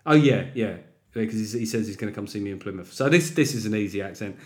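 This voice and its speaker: A man's voice: lowish voice, animated, fast talker. A man hosting a podcast, talking in a rambling, sweary and joking way. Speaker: podcast host, comedian. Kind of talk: casual monologue.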